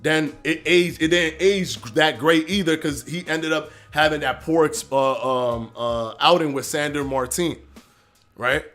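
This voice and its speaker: A man hosting a live stream, arguing his points and answering chat comments in a casual, animated way. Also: fairly high pitch, measured pace, soft background music. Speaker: livestream host reading chat.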